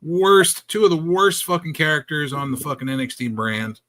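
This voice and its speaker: A man's voice: a little high, animated, normal speed, fairly bright tone. A man co-hosting a casual wrestling review podcast, talking bluntly and with a lot of swearing. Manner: blunt, profane, dismissive. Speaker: podcast co-host.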